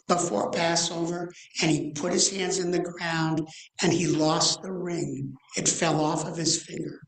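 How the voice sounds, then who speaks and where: A man in his sixties tells a story from the pulpit, his voice rising and falling with animation and stretching into slow, dramatic pauses. The sound carries the roomy echo of a church sanctuary. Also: high voice, fairly bright tone. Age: 60s. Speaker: guest speaker, rabbi. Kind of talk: storytelling sermon.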